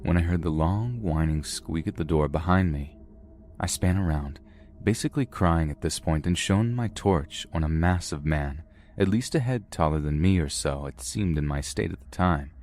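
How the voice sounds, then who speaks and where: A man reading a first-person horror story in a steady, measured way. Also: deep voice, a little hiss or hum. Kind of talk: scripted first-person narration.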